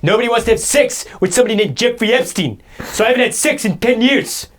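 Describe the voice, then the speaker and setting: A man's voice: very high-pitched, lively intonation, fast talker, fairly bright tone. A man playing a boastful, self-pitying guy who rambles indignant complaints in an improvised comedy sketch.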